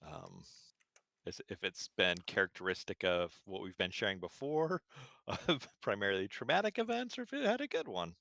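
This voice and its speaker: A man's voice: fairly low pitch, sing-song, moderate pace, creaky, bright, forceful tone, no room sound. A man playing a tabletop role-playing game, describing his character's actions hesitantly with many fillers. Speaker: player. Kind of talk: casual tabletop role-play.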